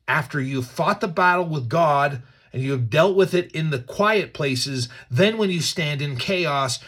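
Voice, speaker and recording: A man's voice: on the high side, fairly bright tone. A man reading scripture with commentary, earnest and emphatic, often repeating words as he thinks aloud. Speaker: Bible teacher.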